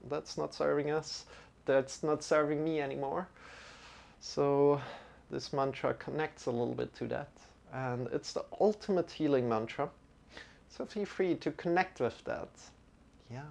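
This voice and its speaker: A man guiding a yoga and mantra lesson, giving calm, unhurried instructions with some light joking. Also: medium pitch, creaky. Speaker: yoga teacher.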